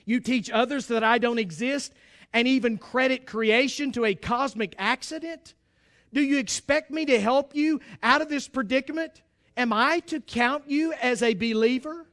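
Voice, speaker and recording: A man's voice: extremely high pitch, normal speed, a bit bright. A male preacher voicing God speaking sternly from the sky in a joke. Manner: stern, questioning.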